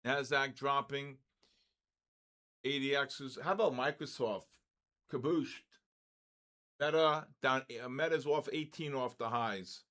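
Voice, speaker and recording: An older man hosting a live trading stream, giving excitable market commentary, greeting viewers and stumbling over his words. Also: medium pitch, slow pace, pauses often.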